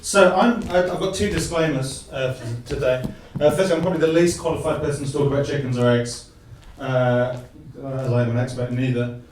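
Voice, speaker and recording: A man's voice: medium pitch, fairly even intonation, noisy background. Self-deprecating man giving a comic talk. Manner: self-deprecating, halting, with restarts. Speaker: guest speaker. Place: live comedy venue. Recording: echoey hall from far off.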